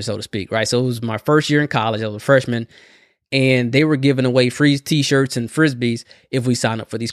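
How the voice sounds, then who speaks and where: Recorded with a clean studio sound and no room echo, this podcast host speaks at a medium pitch in relaxed solo chat. He often ends lines with a tag "right?" and occasionally laughs.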